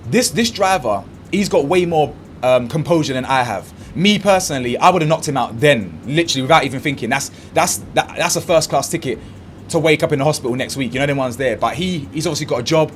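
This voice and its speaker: A man's voice: on the high side, brisk, a little hiss or hum. A man doing fired-up reaction commentary, acting out what others said and using heavy street slang. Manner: animated and indignant, acts out quotes, heavy slang. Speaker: commentary channel host.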